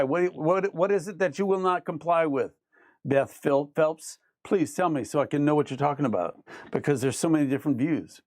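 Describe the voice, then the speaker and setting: A man's voice: a little high, brisk, darkish tone, no echo. Ranting man with dry sound. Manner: emphatic, repetitive, argumentative; reads viewer comments aloud and rebuts them. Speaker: livestream host. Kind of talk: ranting live chat reading.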